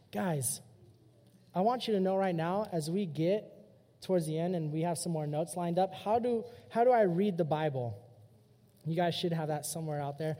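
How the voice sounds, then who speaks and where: A young man preaching a casual, energetic sermon as youth pastor to teenagers. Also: on the high side, normal speed. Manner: casual, energetic, direct address. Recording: long hall reverb.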